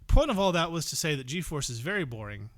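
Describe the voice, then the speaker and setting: On his movie podcast, this man keeps the review chat casual while delivering film credits in a dry, sarcastic way. His pitch is fairly high and his tone fairly bright.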